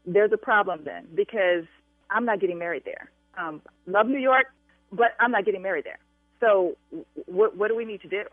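A woman's voice: medium pitch, moderate pace, no room sound, soft background music. A woman on a phone call as a bride, talking emphatically and insistently, repeating her demands. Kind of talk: phone argument. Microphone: telephone. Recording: tinny dry phone line.

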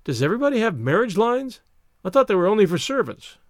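Vain flighty young woman, voiced by a man reading aloud, breathless, emotional, raised pitch, dry sound. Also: very animated, fast, no room sound. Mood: eager. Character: young woman, vain, easily swayed, then ashamed.

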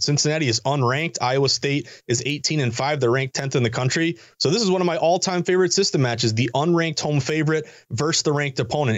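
A man talking as a sports betting analyst guest in quick, energetic, chatty sports betting banter. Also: mid-range voice, no echo. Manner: fast, energetic, chatty delivery. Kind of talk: casual sports betting talk.

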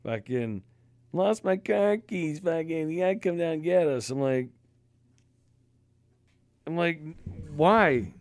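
A man co-hosting a podcast, telling stories in a casual, profane, animated way. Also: on the high side, a little slow, long pauses, dry recording. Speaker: podcast co-host. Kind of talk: casual chat, storytelling.

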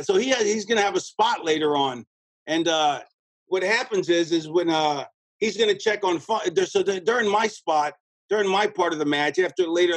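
A man with a husky, slightly raised voice rambles through a backstage story as a guest, restarting sentences and acting out quoted lines. He sounds close and dry, with no room around him. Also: a little high, no room sound, low-quality recording. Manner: rambling, animated, lots of restarts and quoted dialogue. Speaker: guest, former pro wrestler. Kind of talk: casual storytelling in an interview.

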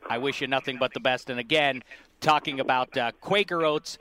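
A man's voice: medium pitch, fairly quick, noisy background. A male host chatting casually and joking with a guest, rambling with fillers. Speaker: radio show host interviewing an athlete. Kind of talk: casual interview chat.

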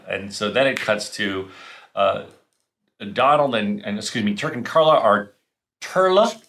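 Guy cohosting a podcast, middle pitch, chatty and jokey recap. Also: unhurried, a bit bright, slight background noise. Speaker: podcast co-host. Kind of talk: casual chat recapping an episode.

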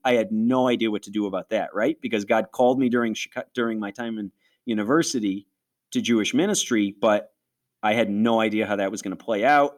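Earnest man telling his story, lowish voice. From Western New York. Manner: earnest, reflective storytelling that acts out his own past thoughts. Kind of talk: personal testimony in interview.

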